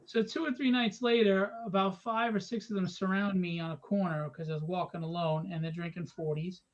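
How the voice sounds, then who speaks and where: A middle-aged man hosting a livestream, telling stories in casual chat, animated and profane, acting out the people in them. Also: high voice, fairly quick, muffled recording. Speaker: livestream host.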